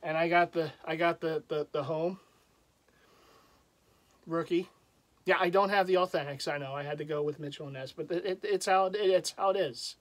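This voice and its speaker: A man with a fairly high voice talks through his collection in a loose, rambling way. He pokes fun at himself and keeps breaking into chuckles as he goes. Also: fairly even intonation, normal speed, long pauses. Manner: chatty, rambling, chuckles often; self-deprecating. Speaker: jersey collector vlogger. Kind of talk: casual show-and-tell vlog.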